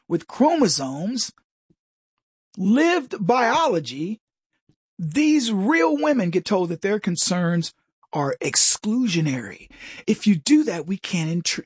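Mocking male commentary host, husky voice. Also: sits high, dry recording, studio quality. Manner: mocking, jokey asides with mimicked voices. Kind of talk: comedic political monologue.

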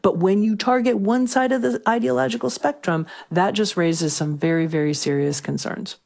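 A woman who is a former federal prosecutor, giving a deliberate, thoughtful answer in a news interview. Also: mid-range voice, steady tone, creaky, darkish tone.

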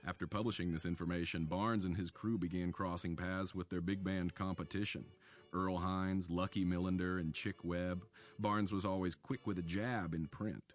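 Deep voiced guy reading a radio history piece, calm storyteller pace, faint music behind. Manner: measured storytelling delivery. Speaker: author narrating a radio segment. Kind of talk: scripted documentary narration.

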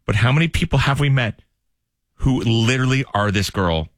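A male radio show host with no regional accent, telling stories in playful, animated studio banter. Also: mid-range voice, normal speed, no room sound.

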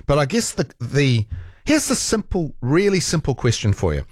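A New man hosts talkback radio, chatty and joking, his pitch swinging widely. He is recorded close on a dry studio microphone. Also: moderate pace, no echo. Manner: lively, chatty, jokey, prone to restarts. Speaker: radio host.

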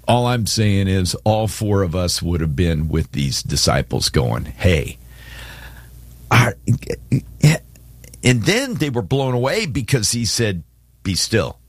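Host, male, animated storyteller, dry studio sound. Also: low-pitched, no echo. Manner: animated, acts out scripture quotes. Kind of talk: casual faith discussion.

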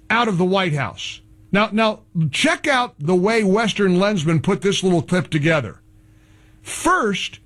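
A man's voice: high voice, a bit bright. A man hosting a talk radio show, delivering political commentary in a heavily sarcastic, mocking manner.

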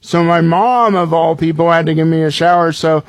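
This comedian guest is a man in his twenties whose voice sits a little high, with fairly even intonation and a normal pace, recorded without room sound. His comic stories are peppered with ums and false starts, and he chuckles at his own punchlines.

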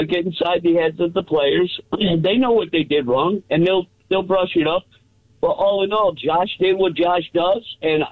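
A man calling in to a sports radio show, excited and laughing as he chats quickly about his team. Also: sits high. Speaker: caller. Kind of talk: casual call-in chat. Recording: tinny phone line.

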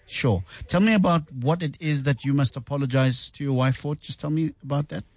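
A man hosting a radio call-in show, relaxed, often repeating words as he thinks. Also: medium pitch, fairly quick, no echo. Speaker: radio talk show host. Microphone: studio microphone.

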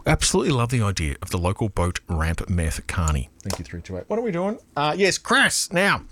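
A man with an Australian accent hosting a radio show in casual, rambling chat, reading out listener texts, excitable and swearing freely. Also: on the low side, brisk, hardly any pauses, a little hiss or hum. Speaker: radio host. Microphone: studio broadcast mic.

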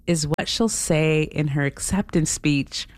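A woman host narrating a news feature in a measured, scripted way. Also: low-pitched, no room sound.

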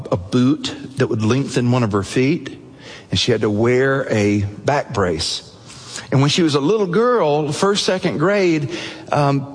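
A man preaching a sermon, telling a story earnestly and dropping low and soft at the emotional moments. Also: long reverb tail. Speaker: pastor.

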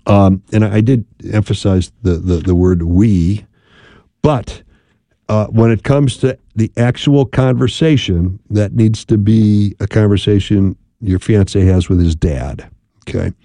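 A calm male radio host gives marriage advice in a low, gravelly voice. His tone is dark and mellow, and the dry studio sound keeps every word close. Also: dry recording. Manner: calm, measured, advising with frequent "right?" checks. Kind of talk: call-in radio advice talk.

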